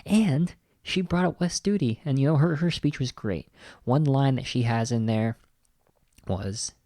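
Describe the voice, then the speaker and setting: A man's voice: mid-range voice, measured pace, dark tone, dry recording, clean studio sound. A man hosting a podcast in casual, enthusiastic commentary, full of "like" and "you know". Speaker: podcast host.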